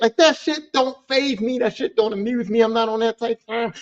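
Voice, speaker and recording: A man hosting a podcast who tells a story in a casual monologue. He talks with animated energy, swears freely and repeats phrases for emphasis. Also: very high-pitched, brisk, hardly any pauses, dull audio. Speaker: podcast host.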